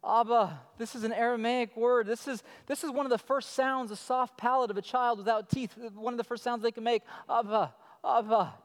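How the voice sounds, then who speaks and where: A man in his thirties preaching a sermon as pastor, telling stories in an animated way. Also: very high-pitched, a little fast, few pauses. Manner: animated storytelling, acting out his child calling. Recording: long reverb of a church hall.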